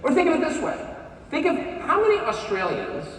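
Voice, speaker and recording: A man's voice: very high-pitched, wildly swooping pitch, brisk, a bit bright, slight background noise. A man, giving a sarcastic, mocking speech at a conference. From United States. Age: 50s. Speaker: conference speaker. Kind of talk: live speech to an audience. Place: large conference hall. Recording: echoey hall from far off, faint crowd.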